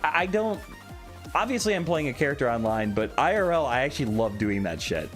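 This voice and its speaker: A man's voice: medium pitch, sing-song, brisk, fairly bright tone. A young man casually chatting on a live stream, reading chat aloud with a joking, candid manner. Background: faint background music.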